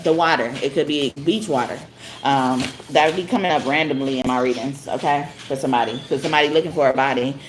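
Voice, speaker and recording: A woman's voice: sits low, a little hiss or hum. A woman giving a live spiritual card reading, chatty, often tagging her lines with "okay?" and laughing. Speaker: tarot card reader.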